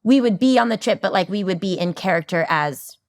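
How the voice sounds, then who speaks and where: A woman's voice: medium pitch, expressive, fairly quick. A woman in her forties talking on a podcast as a guest. She tells stories with a lot of energy and laughs often. She acts out other people's voices as she goes. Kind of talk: casual chat.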